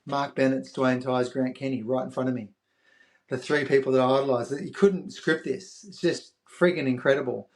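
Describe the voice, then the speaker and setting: A medium-pitched Australian man in his fifties, moving at a moderate pace, relates a story as a podcast guest with plenty of animation and acted-out voices.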